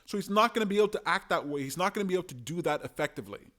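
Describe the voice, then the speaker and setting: A young man talks through his opinions in a casual solo monologue, emphatic and animated, with a fairly high-pitched voice. He sometimes slips into quick impressions of the people he describes. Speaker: political commentator.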